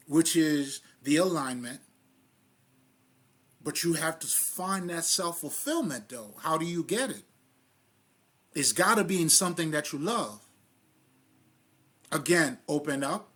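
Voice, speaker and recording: A man talks through spiritual ideas in a relaxed, rambling monologue, full of slang and cursing. His voice is husky and sits somewhat high for a man. He laughs easily as he goes. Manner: loose, profane, street slang, often laughing. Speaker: spiritual vlogger.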